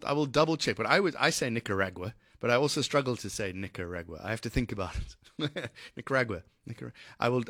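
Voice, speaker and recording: A man's voice: mid-range voice, fairly bright tone, dry recording, clean studio sound. A man presenting live radio, chatty and thinking aloud, often restarting his sentences. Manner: chatty, restarts and repeats words, muses aloud. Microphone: studio mic.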